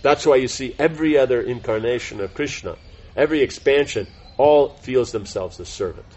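A man's voice: medium pitch, a little fast, a little mellow, lo-fi sound, a little hiss or hum. A man teaching a devotional class in an informal, rambling way, full of fillers and self-corrections. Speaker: spiritual teacher giving a class.

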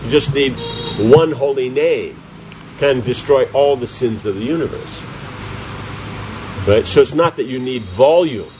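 A man's voice: mid-range voice, unhurried, pauses often, noisy background. Guy giving a scripture class, keeps asking the room questions, kinda dull lo-fi sound. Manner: reads commentary then explains with rhetorical questions to the audience. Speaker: spiritual teacher.

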